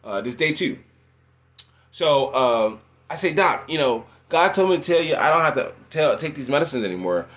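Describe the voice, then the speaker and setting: A young man talks through his own life story in a lively, sing-song voice that swings from low to high. His speech is loose and repetitive, and he breaks into laughs and acts out other people's lines as he goes. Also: moderate pace. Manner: animated storyteller, voice jumping high when quoting others; laughs often mid-story. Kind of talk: unscripted personal testimony.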